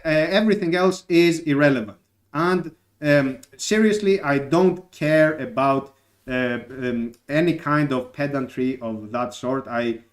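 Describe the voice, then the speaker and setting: A man hosting a live stream, speaking in an opinionated way with many filler sounds and restarts. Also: a little high. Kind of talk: casual live stream talk. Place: in Cyprus.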